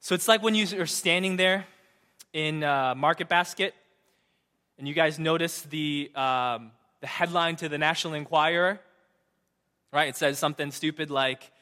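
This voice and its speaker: Bright-voiced young male pastor in a hall. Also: a little high, moderate pace. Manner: emphatic, asks the crowd "right?" often, swings from loud to hushed. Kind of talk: sermon. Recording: long reverb of a large hall.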